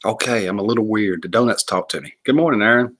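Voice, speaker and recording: A man's voice: on the low side, fast talker, fairly bright tone. A man hosting a casual livestream, joking, laughing often and rambling as he greets viewers and reads comments. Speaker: livestream host.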